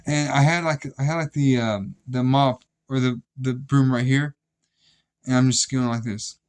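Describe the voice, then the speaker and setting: A man's voice: mid-range voice, steady tone, normal speed, smooth. A young man casually telling rambling, profane stories about his old job, with many restarts. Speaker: vlogger. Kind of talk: casual storytelling.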